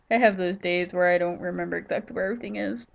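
A woman's voice: fairly low pitch, creaky, highs cut off. A woman giving casual, rambling gameplay commentary while tired and yawning, chatting to herself as she plays. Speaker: gaming YouTuber.

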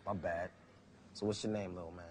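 A man's voice: deep voice, fairly even intonation, brisk, a little hiss or hum, lightly acted. A man playing a laid-back young street boxer. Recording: film soundtrack with music behind.

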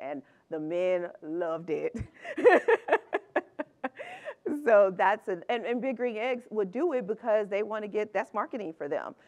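A woman's voice: medium pitch, highs cut off. A middle-aged woman giving a chatty, upbeat conference talk, laughing often between her points. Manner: upbeat, conversational. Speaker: conference speaker.

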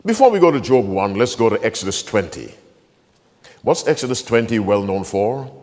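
A man preaching a sermon as pastor, slowing down and stressing key phrases while quizzing his congregation. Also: lowish voice, big pitch swings, a little mellow. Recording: long hall reverb.

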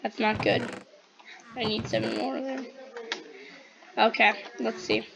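A woman's voice: fairly high pitch, steady tone, slow, vocal fry, noisy background. A female gameplay host chatting casually and rambling to herself as she crafts. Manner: rambling, talks to self while crafting. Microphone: computer microphone. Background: television playing in the house.

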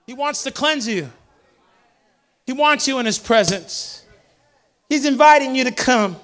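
A man with a very high voice preaches to his congregation. He repeats lines in call-and-response fashion and swells to shouted peaks, speaking from a church service. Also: animated, measured pace. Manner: impassioned preaching that builds to shouted crescendos; repetitive call-and-response rhetoric. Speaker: pastor. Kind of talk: sermon.

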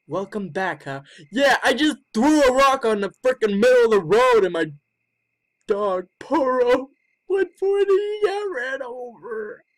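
Jumpy, slow-talking horror game player. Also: animated. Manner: swears a lot and jumps into high shrieks when startled; muttering and thinking aloud between scares. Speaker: gaming video creator. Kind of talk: let's play horror game commentary.

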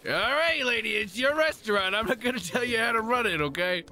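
Excitable high-voiced man playing a game. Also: fairly quick, faint music behind. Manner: excitable, laughing, swearing, talking to game characters. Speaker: gaming channel host. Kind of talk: let's play commentary.

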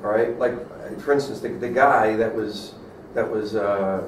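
A man's voice: fairly low pitch, steady tone, a little slow. A man, a student in a class, asking questions and thinking aloud. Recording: echoey room, speaker far from mic, faint noise.

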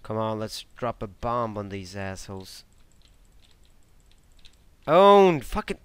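A man giving casual live commentary over his own online shooter match, swearing, grumbling in frustration and breaking into excitable outbursts. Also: on the low side, normal speed, clean tone. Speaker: gameplay commentator.

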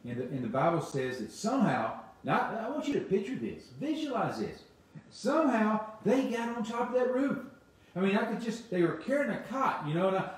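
A man pastor preaching with emphasis, repeating his phrases and swinging between loud and soft. His voice sits fairly high for a man. He is heard from some distance in a church full of echo. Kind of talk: sermon. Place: church sanctuary. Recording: very echoey church hall, voice from a distance.

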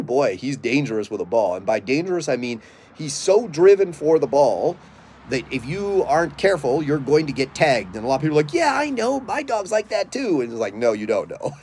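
A man who trains dogs, talking bluntly and casually in a live question-and-answer session, swearing freely and acting out dogs and owners in quick put-on voices. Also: medium pitch, animated, mellow, slight background noise. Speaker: dog trainer.

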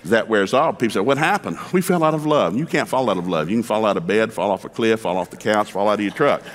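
A man's voice: lowish voice, long reverb tail. A middle-aged male pastor telling a funny story in a sermon, folksy and acting out the people in it. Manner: folksy, fast, acts out the people in his stories.

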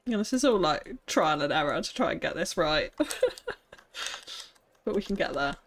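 A woman's voice: low voice, animated, moderate pace, slight background noise. A woman streaming a city-building game, chatting casually and thinking aloud, with frequent laughs. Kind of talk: casual live-stream commentary while building.

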